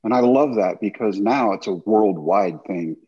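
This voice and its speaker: A husky, mellow-toned man in his fifties spins animated stories as a guest, acting out what others said to him. His voice has a soft, relaxed warmth with a grainy edge. It comes through slightly dull video-call audio. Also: on the low side, moderate pace. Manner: animated anecdotes with acted-out quotes. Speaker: guest, former baseball pitcher. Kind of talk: storytelling in casual chat.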